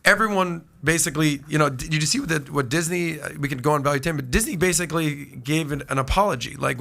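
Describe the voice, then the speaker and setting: A man co-hosting a podcast panel, chatty and quick with asides and rhetorical jabs. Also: a little high, creaky, bright, forceful tone. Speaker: podcast co-host. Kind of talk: casual panel discussion.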